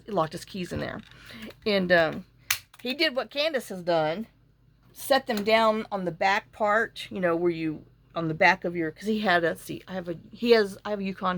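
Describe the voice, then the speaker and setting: Middle-aged woman, rambling craft vlogger who mutters to herself, voice full of vocal fry. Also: mid-range voice, fairly bright tone, a little hiss or hum. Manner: chatty, rambling storyteller, talks to herself while working. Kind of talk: casual chat while crafting.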